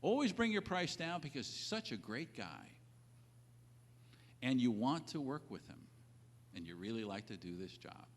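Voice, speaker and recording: A man giving animated business advice, stressing key points over and over and acting out both sides of a deal. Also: mid-range voice, normal speed, pauses often. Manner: emphatic, repeats key points. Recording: reverberant old audio recording.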